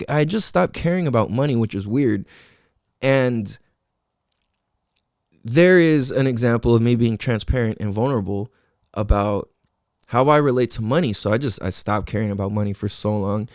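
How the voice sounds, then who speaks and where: A man's voice: mid-range voice, a little mellow, no room sound, studio quality. A man hosting a podcast, telling a story casually and swearing a lot. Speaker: podcast host.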